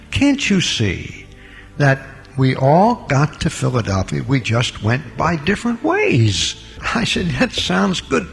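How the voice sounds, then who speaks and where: An older man preaching a Bible lecture, with dramatic swings between loud emphasis and quiet asides. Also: medium pitch, creaky, in a large hall. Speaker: pastor. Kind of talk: recorded Bible lecture sermon.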